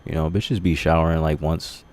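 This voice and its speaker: A man casually rambling on a livestream, crude and profane, laughing at his own jokes, in a dark candlelit room. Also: very deep voice, fairly even intonation, normal speed. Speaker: streamer.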